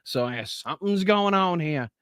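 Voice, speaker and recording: A man's voice: high voice, expressive, moderate pace, fairly bright tone, smooth, no echo, clean studio sound. Mocking, laughing male stream host. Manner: mocking, profane, laughs often. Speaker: livestream host. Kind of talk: live commentary reacting to clips.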